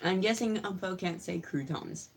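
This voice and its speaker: A woman's voice: fairly low pitch, expressive, normal speed, gravelly, breathy edge. Giggly rambling woman co-host. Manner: giggly, rambling storyteller with restarts. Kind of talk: casual livestream chat.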